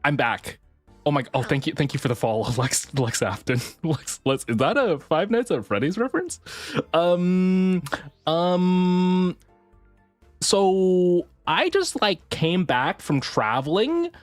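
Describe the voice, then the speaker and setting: A woman chatting casually with viewers on a livestream, swinging between squealing excitement and low mumbles, swearing now and then. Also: slow pace, no room sound, soft background music.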